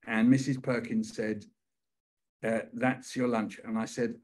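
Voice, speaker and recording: Older British man, husky, runs a poetry lesson with playful, rhythmic repetition. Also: medium pitch, level tone, unhurried. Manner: playful, repeats phrases rhythmically, acts out quoted voices. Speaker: poet leading a writing workshop.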